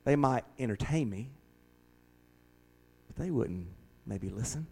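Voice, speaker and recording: Earnest pastor leading a Bible study. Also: male voice, medium pitch, big pitch swings, takes it slowly, creaky, pauses often, darkish tone, slightly rough, rough recording. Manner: earnest, emphatic, repeats words when starting.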